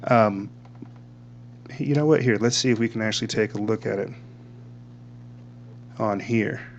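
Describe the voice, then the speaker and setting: A rambling male host with a somewhat low voice talks casually and often trips over his own words. A faint electrical hum sits under the recording. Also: a little slow, creaky, lo-fi sound. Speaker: podcast host. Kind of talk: casual commentary reading from screen.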